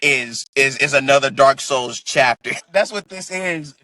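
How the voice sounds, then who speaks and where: A man's voice: mid-range voice, a little slow, bright, forceful tone. A man being interviewed as a wrestler guest in a casual podcast, laughing often and restarting his sentences.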